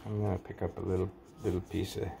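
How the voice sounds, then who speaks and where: A man casually rambling through a show-and-tell vlog about his collection, halting often with fillers and folksy sign-offs. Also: low-pitched, little pitch movement, creaky, dark tone, a little hiss or hum. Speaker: coin collecting vlogger.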